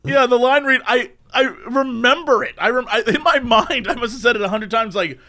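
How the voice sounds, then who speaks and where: A young man with a notably high voice chats casually on a podcast, bursting into laughter as he tells his stories. He is lively and animated, throwing in loud, silly catchphrases. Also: moderate pace. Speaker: podcast co-host. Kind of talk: casual chat, storytelling.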